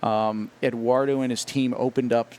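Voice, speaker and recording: A man's voice: medium pitch, steady tone, moderate pace, darkish tone. A man as a studio interview guest, talking about his work in a casual, explanatory way and often repeating words as he thinks. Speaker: guest, cigar company founder.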